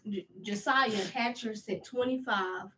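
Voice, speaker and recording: A woman reads out donations in a hesitant, halting way, tripping over names. She speaks slowly in a slightly high voice. She sits some way from the mic. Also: fairly bright tone, distant mic. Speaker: reads out donations on a live stream. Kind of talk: casual reading aloud. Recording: voice from away from the mic.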